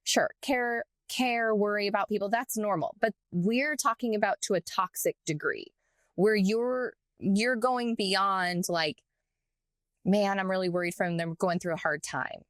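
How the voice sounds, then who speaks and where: Animated woman telling a story. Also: mid-range voice, measured pace, no echo, studio quality. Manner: animated storytelling with frequent fillers. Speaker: podcast co-host. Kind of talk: casual chat.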